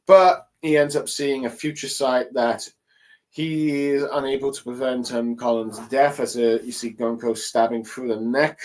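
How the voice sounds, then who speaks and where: A man casually recapping a comic chapter for his channel, talking hesitantly with many fillers and pauses. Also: medium pitch, steady tone. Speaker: manga chapter reviewer. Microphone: desk mic at a streaming setup.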